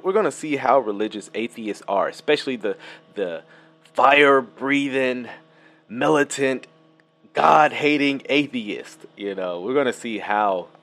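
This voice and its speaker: A man hosting a casual reaction commentary, animated and laughing, with many fillers and restarts, a lawn mower buzzing behind him. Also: fairly low pitch. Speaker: video commentator. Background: lawn mower buzz.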